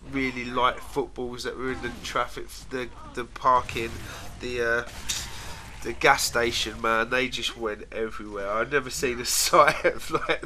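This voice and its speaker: A man's voice: mid-range voice, bright, forceful tone. A man casually telling rambling stories to camera, laughing often and trailing off mid-sentence. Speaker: vlogger. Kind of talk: casual storytelling.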